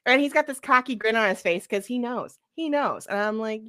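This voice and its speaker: A woman's voice: on the high side, a little fast, a bit bright. A young woman chatting animatedly as a podcast co-host and game master, laughing often. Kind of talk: casual chat.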